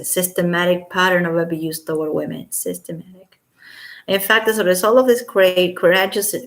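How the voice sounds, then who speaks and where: A woman with a lowish voice and vocal fry, living in Los Angeles, reads a court filing aloud at home. Every so often she breaks off with sarcastic, incredulous asides, sometimes whispered.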